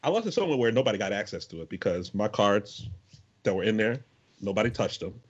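A man's voice: fairly low pitch, fast, slightly rough, highs cut off. A young man co-hosting a podcast, telling stories in a joking, slangy way. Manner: animated, joking, slangy storytelling. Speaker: podcast co-host. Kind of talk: casual chat.

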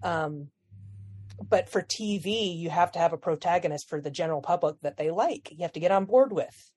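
Chatty woman with a low voice. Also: a little fast, darkish tone. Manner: chatty, laughs often, trails off mid-sentence. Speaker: podcast co-host. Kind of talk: casual chat.

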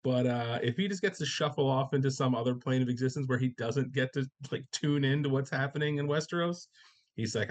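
A man talking loosely on a podcast, bursting into quick acted-out reactions and casual swearing. His voice sits at a middle pitch for a man. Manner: animated, swears freely, acts out characters' reactions. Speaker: podcast co-host. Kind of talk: casual chat about a TV episode.

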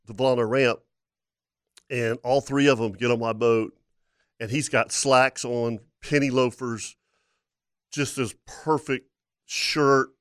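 Animated charter captain telling stories. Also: male voice, medium pitch, takes it slowly, pauses often, clean tone, no room sound, studio quality. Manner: animated storyteller who laughs as he talks. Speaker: charter fishing captain and co-host. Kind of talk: casual storytelling on a talk show.

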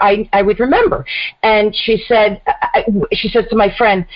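A middle-aged woman hosting a radio talk show, telling a story in a casual, animated way. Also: mid-range voice, fairly quick. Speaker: host. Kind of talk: casual chat. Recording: dull lo-fi radio audio.

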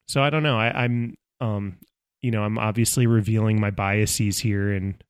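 A man's voice: on the low side, clean tone, dry recording, studio quality. A man co-hosting a podcast in casual chat, frank and enthusiastic, with the odd casual swear. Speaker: podcast co-host.

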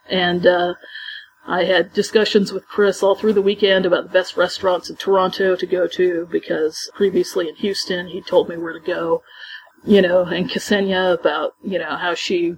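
A woman's voice: on the low side, level tone, moderate pace, husky, rough recording. A woman co-hosting a fan podcast, telling stories from a convention in an enthusiastic, chatty way. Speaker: podcast co-host. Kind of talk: casual podcast recap.

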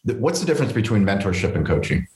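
A very deep-voiced man hosts a podcast in a casual, enthusiastic way, laughing easily along with his guest. His voice carries a roomy echo. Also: big pitch swings, very fast, a little mellow. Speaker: podcast host. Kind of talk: casual interview.

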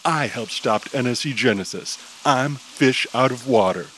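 A stubborn, proud young superhero, played by a man. He talks back defiantly in a slightly lowered voice. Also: unhurried, very noisy, lightly acted. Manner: defiant, indignant.

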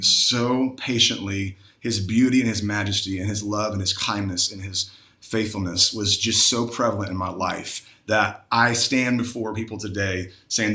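A man's voice: fairly low pitch, pushed and bright, echoey room. A man, a Christian musician, earnestly telling a personal faith testimony on a live video-call panel. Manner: earnest, heartfelt storytelling.

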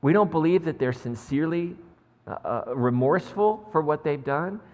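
Chatty pastor in a reverberant church. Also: male voice, fairly high pitch, expressive, normal speed, a little mellow. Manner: conversational, peppered with "like" and "right?"; jokes with the congregation. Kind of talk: sermon. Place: church sanctuary.

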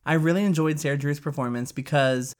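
Deep-voiced, giggly woman chatting casually. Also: fairly quick, darkish tone. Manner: giggly, blunt, playful. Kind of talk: casual book review chat.

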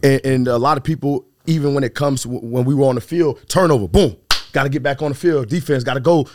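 A man's voice: mid-range voice, fast, background noise. A man co-hosting a podcast, a former player, talking casually and restarting his phrases as he thinks. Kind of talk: casual interview chat.

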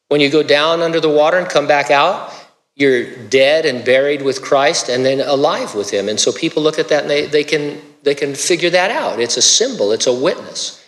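A man preaching a conversational sermon as a pastor, relaxed, with joking asides and small restarts. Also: a little high, in a large hall.

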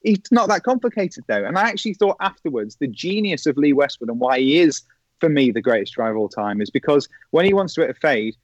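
A man's voice: medium pitch, fast, no echo. A middle-aged man, a former professional golfer, telling anecdotes in a casual chat and acting out the voices of the people he quotes. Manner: animated storyteller who acts out quoted voices. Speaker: podcast guest, former pro golfer. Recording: dry, slightly dull lo-fi sound.

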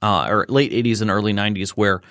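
A man's voice: fairly low pitch, fairly even intonation, fast, a bit bright, no echo, clean studio sound. A man explaining a tabletop game system in casual chat, rambling with fillers and restarts.

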